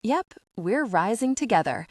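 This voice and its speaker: A woman's voice: medium pitch, big pitch swings, measured pace. A woman voicing a playful, giggly young woman in a romance audiobook.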